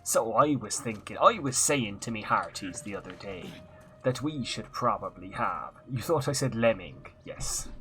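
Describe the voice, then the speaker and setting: Brief: male streamer, chatty headset talk, forward bright tone. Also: lowish voice, animated, moderate pace. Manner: chatty, self-mocking, mutters asides. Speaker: game streamer. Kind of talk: casual live-stream chat.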